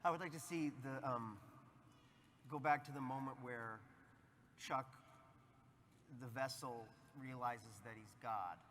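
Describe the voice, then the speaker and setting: A man's voice: medium pitch, a bit bright. A man, a guest actor at a convention panel, joking casually with fans and restarting his sentences as he goes. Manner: playful, jokey, halting restarts. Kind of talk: convention Q&A chat. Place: convention center panel stage. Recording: noisy convention hall mic.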